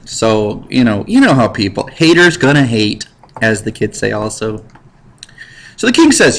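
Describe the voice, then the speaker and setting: A man teaching history in a casual, slangy lecture over slides, cracking jokes and putting on quick voices for the people he describes. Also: medium pitch, poor audio. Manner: slangy, jokey, animated with put-on voices. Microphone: computer mic while drawing with a mouse.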